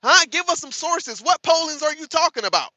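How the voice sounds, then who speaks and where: High, sharp-voiced combative stream host. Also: male voice, animated, brisk, dry recording, poor audio. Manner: combative, profane, taunting chat; repeats lines for emphasis. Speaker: livestream host. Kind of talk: live reaction commentary to chat.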